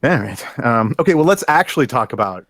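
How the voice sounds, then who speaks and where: A man hosts a casual chat with a lively, animated pitch, stumbling through fillers and restarts. His voice sounds dry and close to the mic. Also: dry recording. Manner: halting, filler-heavy, upbeat. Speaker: host.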